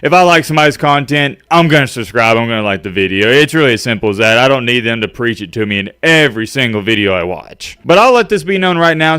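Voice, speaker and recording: Ranting man with a smooth voice. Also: mid-range voice, fairly bright tone, no room sound, clean studio sound. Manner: emphatic, ranting, sarcastic asides. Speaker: sports commentary streamer. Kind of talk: casual rant over fan comments.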